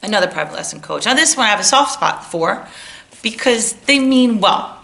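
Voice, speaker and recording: A woman softball hitting coach lectures other coaches, blunt and animated, scolding with humor. Her voice is bright and forceful with a gravelly rasp. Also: mid-range voice, normal speed. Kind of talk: motivational coaching talk.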